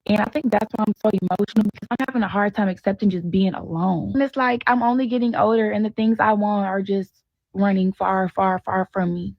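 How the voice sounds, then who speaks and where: A woman's voice: mid-range voice, steady tone, a little fast, no echo, lo-fi sound. A single mother talking earnestly about wanting love, in a confessional vlog.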